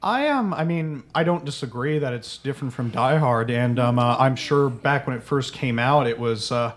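Man explaining film details calmly. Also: mid-range voice. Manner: measured, informative, with fillers. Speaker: podcast co-host. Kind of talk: casual movie discussion.

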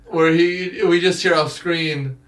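A man's voice: a little high, fairly even intonation, slow pace, fairly bright tone. A man co-hosting a casual movie review chat, sarcastic and rambling, swearing freely. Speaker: podcast co-host.

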